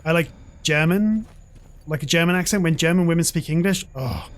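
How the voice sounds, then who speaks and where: Male streamer, 40s, slightly high voice; loose, rambling, profane gaming chatter. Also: normal speed. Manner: rambling and profane, swears freely. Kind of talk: casual chat while gaming.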